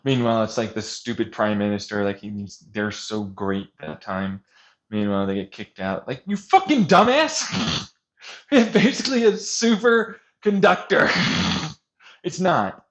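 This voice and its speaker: A man's voice: on the low side, normal speed. A man in a casual, rambling rant, swearing often and laughing between points. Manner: profane, laughing, animated ranting.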